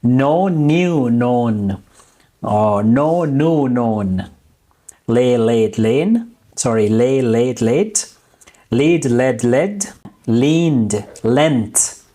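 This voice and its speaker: A man teaching English in a recorded lesson, slowly drilling verb forms and repeating each one deliberately. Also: mid-range voice, expressive, dark tone.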